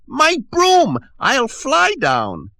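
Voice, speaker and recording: A man voicing a cranky old female witch in a storybook reading, rasping and squawking, hissing her spells in a singsong. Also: extremely high pitch, huge pitch swings, drawn-out words, bright, forceful tone, voice pushed up, exaggerated voice. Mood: indignant. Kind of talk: storybook read-aloud.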